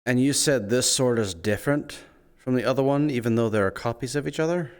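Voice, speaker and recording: A man's voice: mid-range voice, brisk, clean tone. A man chatting in character during a roleplay, playful and teasing, his voice jumping up when he acts offended. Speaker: roleplay player.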